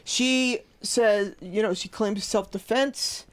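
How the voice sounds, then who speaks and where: A woman's voice: mid-range voice, slow. A woman co-hosting a casual true-crime podcast, often stumbling over and repeating her words. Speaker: podcast co-host.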